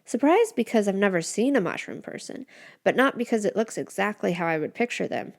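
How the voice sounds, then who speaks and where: A woman narrating a first-person fantasy story in an expressive, descriptive way. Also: mid-range voice, a little fast, vocal fry.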